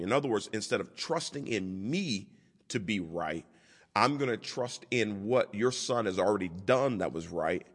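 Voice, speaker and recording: A pastor delivers a sermon in a fairly low voice, stacking repeated phrases into a rolling rhythm. His voice carries a long reverb from the church hall around him. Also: a bit bright. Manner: repetitive preaching cadence.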